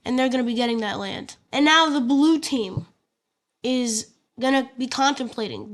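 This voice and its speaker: A woman talks through an alternate-history map story in a loose, chatty way, with plenty of fillers and joking asides. Her voice sits a little high, and she sounds relaxed and unscripted. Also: moderate pace. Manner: casual, chatty, filler-heavy, jokey asides. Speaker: map video narrator. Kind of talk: casual narrated map story.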